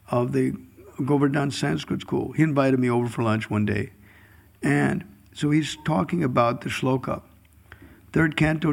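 A man's voice: mid-range voice, creaky, breathy edge. A man giving a devotional scripture class in a chuckling, storytelling way, chanting verses at times. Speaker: scripture speaker.

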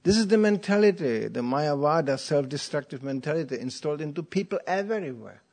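Male preacher, lively anecdotal delivery with a wide swinging pitch. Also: fairly quick. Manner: playful storytelling, acting out quotes, chuckling. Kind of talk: anecdotal sermon.

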